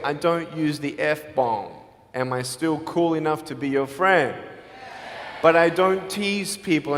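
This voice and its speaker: A man giving an earnest, personal inspirational speech to a live audience, mixing in quick jokes. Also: on the high side, fairly bright tone. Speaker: motivational speaker. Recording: echoey hall with long reverb.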